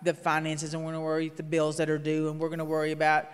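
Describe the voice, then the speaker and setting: A woman's voice: sits low, monotone, rapid-fire, clear, resonant tone. A woman preaching alongside the pastor in an earnest, rhythmic way, repeating her phrases. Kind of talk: sermon. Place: church sanctuary. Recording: long hall reverb in a sanctuary.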